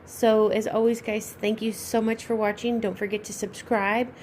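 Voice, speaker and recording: A woman opening a doll box on her vlog, gushing with breathy exclamations as she talks to viewers. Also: on the high side, level tone, normal speed, a little mellow, a little hiss or hum. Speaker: reborn doll collector and YouTuber. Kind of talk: unboxing vlog chat.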